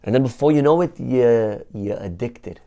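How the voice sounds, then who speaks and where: A man's voice: medium pitch, normal speed, creaky, mellow. A male rabbi teaching a Torah lesson, telling stories animatedly and dropping in Hebrew terms.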